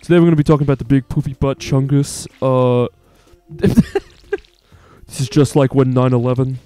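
A man putting on a flat, deadpan impression of a male online commentator. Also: mid-range voice, moderate pace, clean tone, soft background music, lightly acted. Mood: deadpan mocking.

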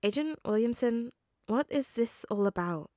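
A woman's voice: fairly high pitch, animated, warm tone, no room sound, clean studio sound, voice pushed up. Woman voicing a hesitant teenage boy. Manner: hesitant, halting with ums. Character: nervous grieving teenage boy.

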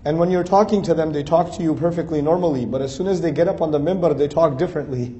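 A man's voice: fairly high pitch, fast, dark tone. A man giving a conversational religious lecture, earnest and building his points through emphatic repeated lists. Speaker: speaker giving an Islamic talk.

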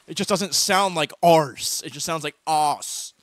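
A young man chatting casually while streaming a game, playful and breaking into loud teasing shouts. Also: fairly high pitch, brisk, dry recording. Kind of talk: casual gaming chat.

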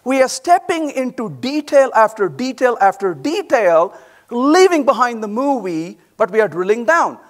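Man, high voice, very lively pitch, conference talk, animated, acts out quotes. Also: moderate pace. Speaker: conference speaker. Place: large conference hall.

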